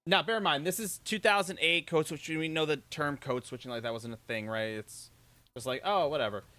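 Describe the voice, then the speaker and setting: A man's voice: a little high, a little fast, bright, forceful tone. Chatty man with a light Massachusetts accent. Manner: rambling, lots of "like" and "right?". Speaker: streamer co-host. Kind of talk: casual chat.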